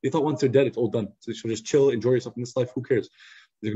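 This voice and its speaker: A man teaching a youth study circle in a lively, conversational storytelling style, acting out quotes over a video call. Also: medium pitch, very fast. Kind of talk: casual storytelling lesson. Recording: slightly muffled lo-fi recording.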